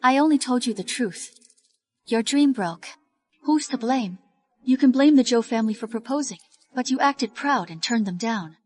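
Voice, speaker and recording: A cold, scheming impostor. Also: female voice, on the high side, lively intonation, normal speed, darkish tone, low-quality recording. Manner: cold, lecturing, scornful. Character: cold, scheming woman in disguise.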